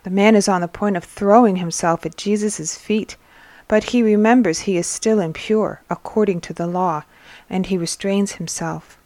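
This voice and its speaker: A woman's voice: medium pitch, steady tone, moderate pace, a little mellow, no room sound. A woman hosting a religious teaching episode, reading a book aloud and stopping to explain what it means in an earnest tone. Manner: earnest, explains as she reads. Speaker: host and reader.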